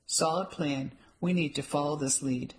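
A woman's voice: low voice, steady tone, moderate pace, close to an everyday voice. A woman voicing a witty, theatrical woman friend who talks wryly. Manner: theatrical, wry.

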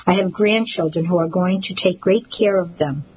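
A gruff, menacing old man who talks smoothly and coaxingly to a child, as a woman reads him aloud in a fairly low voice. He belongs to an audiobook read on a reading service. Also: normal speed, darkish tone, slight background noise, close to an everyday voice, poor audio. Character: gruff old male horse buyer, menacing.

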